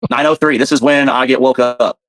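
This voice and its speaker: A man's voice: medium pitch, steady tone, a little fast. A man telling his story in casual, rambling talk, profane and full of fillers.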